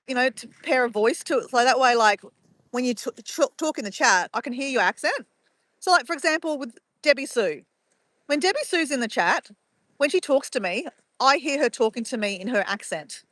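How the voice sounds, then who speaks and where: A woman's voice: high-pitched, a bit bright, dry recording. A woman streaming live from her phone outdoors at sunrise, chatting casually and reading out viewers' messages. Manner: chatty, greets viewers by name and reads chat aloud.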